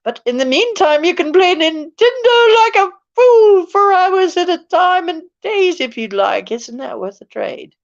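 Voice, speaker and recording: A woman's voice: very high voice, big pitch swings, unhurried, few pauses, muffled recording, pitched above the performer's own voice, exaggerated voice. A woman putting on a put-on English accent to play a smug woman hawking modern comforts, with a sarcastic, mock-cheerful delivery.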